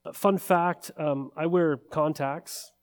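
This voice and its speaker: A man's voice: fairly high pitch, steady tone, slow. A man preaching a sermon in an earnest way, building emphasis with repeated phrases. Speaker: pastor.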